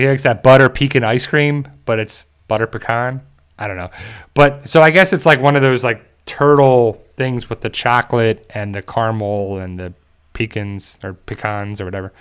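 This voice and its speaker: Man, livestream host, casual rambling chat, joking, chuckling, mid pitch. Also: moderate pace, smooth. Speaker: channel host reading viewer chat.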